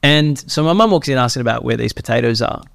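A man, hosting a podcast and telling a family story in a chatty, animated way. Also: medium pitch, fast, gravelly, no echo, studio quality. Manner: chatty, animated, swears casually. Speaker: podcast host. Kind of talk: casual conversational storytelling.

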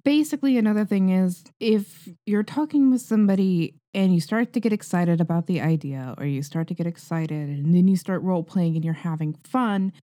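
A woman's voice: lowish voice, a little fast, hardly any pauses, mellow. A woman co-hosting a casual podcast, giving frank, reassuring advice. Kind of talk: casual group chat.

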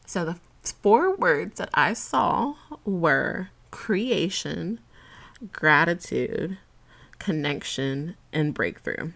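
A young woman hosts her podcast alone, speaking slowly in a fairly low voice. She talks straight to her listeners in loose, slang-filled chat. She laughs often and gets emotional along the way. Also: animated, vocal fry, a bit bright. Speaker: podcast host. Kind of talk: casual solo podcast talk.

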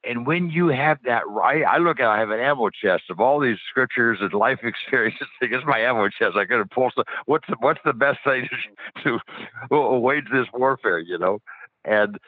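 A man's voice: mid-range voice, lively intonation, moderate pace, slightly rough, dry recording. A passionate man tells faith stories as a radio guest. He talks eagerly and restarts his sentences often. His voice is dry and tinny, as if heard over a phone line. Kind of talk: faith testimony on a radio interview.

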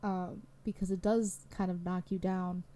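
Mellow-voiced young woman rambling candidly. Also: on the low side, flat delivery, unhurried. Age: young adult. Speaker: podcast host. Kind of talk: solo podcast monologue.

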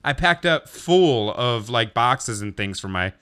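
Bright-voiced man telling a rambling story. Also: medium pitch, a little slow, smooth. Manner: rambling, swearing, animated retelling. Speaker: podcast co-host. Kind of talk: casual storytelling chat.

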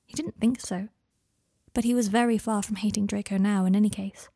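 A woman reading fan fiction aloud in a soft, intimate narration. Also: mid-range voice, fairly even intonation, fairly quick, gravelly, no room sound, clean studio sound. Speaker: reader.

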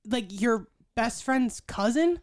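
A young woman trades jokes and quick reactions on a casual movie podcast. Her voice is lively, with a wide swing in pitch and a slightly high tone. The sound is dry and close. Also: no echo. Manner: playful, teasing, quick reactions. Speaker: podcast co-host. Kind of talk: casual movie recap chat.

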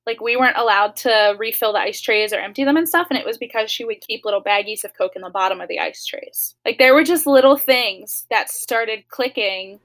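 A woman's voice: a little high, fairly quick, hardly any pauses, fairly bright tone, rough recording. A young adult woman, a podcast guest, telling a personal story in a candid way, with lots of "like" fillers.

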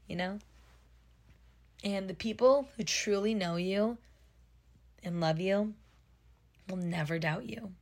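A woman in her twenties hosts her own podcast in a casual personal monologue, speaking in a heartfelt, emotional way with lots of fillers. Her voice is mid-range and creaky.

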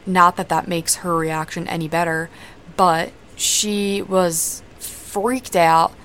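A young woman with a fairly low voice tells her own story in an open, unguarded way. She talks conversationally and swears without hesitation. A faint hiss of noise sits beneath her voice. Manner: candid, swears freely, conversational. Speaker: podcast host. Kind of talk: personal storytelling.

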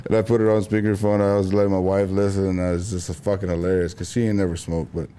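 Low mellow-voiced man, cursing casual host. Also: flat delivery, fast, clear, resonant tone. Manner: profane, laughs loudly while storytelling. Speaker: podcast host. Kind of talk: casual chat.

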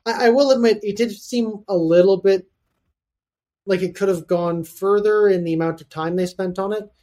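A man co-hosting a podcast in casual chat, thoughtful and hesitant with pauses. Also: high-pitched, fairly even intonation, mellow. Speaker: podcast co-host.

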